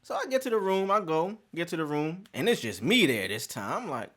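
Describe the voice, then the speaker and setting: A man casually telling a personal story, animated and profane, acting out conversations. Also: fairly high pitch, brisk. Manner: animated, profane, acts out dialogue.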